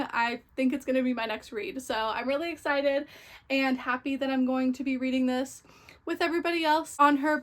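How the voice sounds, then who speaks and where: Young woman w a high bright voice, rambling excitedly about books, lots of "like"s. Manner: chatty, gushing, many fillers like "like" and "so yeah". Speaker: book vlogger. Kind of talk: casual book haul chat.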